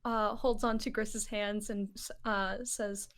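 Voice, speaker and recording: A woman playing a tabletop role-playing game, narrating her character in a soft, hesitant way with many pauses and small giggles. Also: mid-range voice, level tone. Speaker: player.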